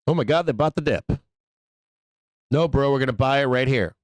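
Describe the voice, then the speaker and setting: A man's voice: mid-range voice, normal speed, no room sound. A man hosting a live stock trading stream, talking casually and profanely, laughing often and answering imagined viewer questions himself. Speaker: trading show host. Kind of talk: live market commentary stream.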